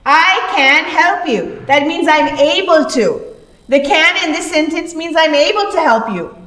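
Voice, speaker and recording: A woman's voice: sits high, animated, normal speed, a bit bright. A woman teaching a class lesson, speaking patiently and repeating words to explain them. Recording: echoey room, voice far from mic.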